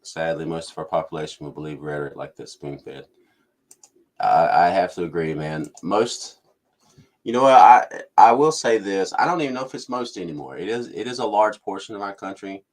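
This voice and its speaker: A commentary channel host rants through casual political commentary, mocking officials in put-on voices. His voice is low and animated, at a moderate pace.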